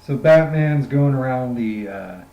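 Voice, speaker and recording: A comic book reviewer with a medium-pitched voice chats casually about a graphic novel, rambling, joking, and using plenty of fillers. He talks a bit slowly but animatedly, and the recording sounds muffled and echoey, as if in a roomy space.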